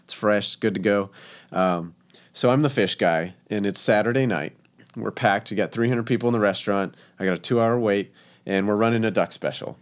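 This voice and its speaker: A man's voice: fairly low pitch, moderate pace. A man, a professional chef from Texas, telling stories in a casual interview, chatty and laughing, with many fillers.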